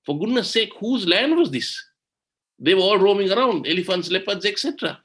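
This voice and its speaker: Sri guy on a webinar call, kinda high voice, indignant, lots of rhetorical questions. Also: animated, a little fast, a bit bright. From Sri Lanka. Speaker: webinar speaker on environmental law. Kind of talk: impassioned webinar talk.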